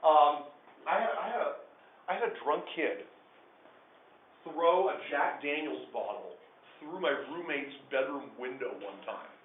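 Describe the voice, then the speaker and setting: Man, live storytelling, animated, lively pitch, tinny phone-like sound. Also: measured pace, long pauses, slight background noise. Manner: animated, with big swings between hushed and loud. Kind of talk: live personal storytelling to listeners. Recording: echoey room over a tinny phone-like line.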